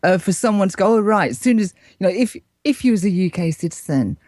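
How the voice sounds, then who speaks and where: A woman's voice: medium pitch, expressive, quick pace, warm tone, dry recording, studio quality. A woman with an English accent, co-hosting a casual chat in a playful, teasing way. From England. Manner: playful, teasing, laughs easily. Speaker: co-host, correspondent.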